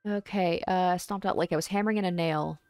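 A woman's voice: fairly low pitch, steady tone, fairly quick, a little mellow, clean tone, no room sound, soft background music. A woman reading a visual novel aloud and reacting casually between passages, with exclamations and musing asides. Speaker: let's play host.

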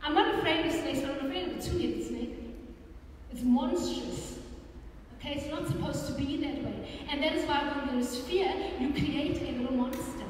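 High-voiced South African woman preaching in an echoey hall. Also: fairly quick, few pauses. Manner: animated, repeats phrases for emphasis. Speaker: pastor. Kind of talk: sermon. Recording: echoey hall from far off, faint room noise.

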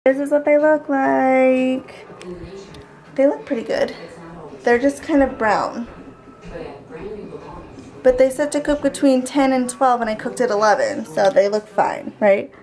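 A woman's voice: sits high, unhurried, long pauses, darkish tone. A young woman in her twenties chatting casually in a daily vlog, giggly and teasing. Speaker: vlogger. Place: home and car, indoors.

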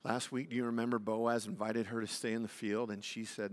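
A man preaching a sermon as pastor, swinging from hushed to loud and emphatic and acting out the lines he quotes. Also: fairly low pitch, little pitch movement, a little fast, hardly any pauses. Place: church sanctuary. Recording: long hall reverb.

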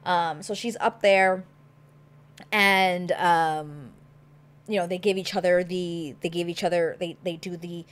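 Woman, somewhat low voice, casual recap host, gushing, chatty. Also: fairly even intonation, measured pace. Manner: chatty, gushing, lots of fillers.

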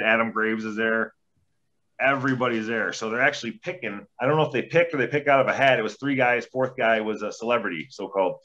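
Bright-voiced man telling profane stories. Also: mid-range voice. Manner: profane, rambling anecdotes with acted-out quotes. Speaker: podcast guest, former hockey player. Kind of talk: casual storytelling. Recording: dull lo-fi sound.

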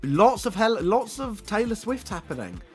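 A young man streams from home, his voice leaping up and down as he jokes and swears with his chat. He sounds excitable and mocking, with quiet music under his speech. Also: high-pitched, normal speed. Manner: teasing, excitable, swears and laughs often. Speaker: livestreamer. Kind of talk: casual live-stream commentary.

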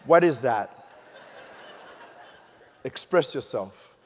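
Animated man giving a keynote. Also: mid-range voice, drawn-out words. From Uganda. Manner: animated storytelling, quizzing the audience. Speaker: keynote speaker. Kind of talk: keynote speech. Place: large conference hall. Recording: echoey hall.

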